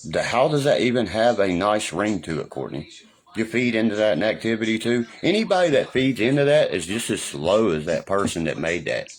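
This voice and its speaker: A man's voice: on the low side, very animated, fairly quick. A man ranting angrily on a livestream, swearing constantly and taunting his critics. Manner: profane, combative, taunting. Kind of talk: angry livestream rant.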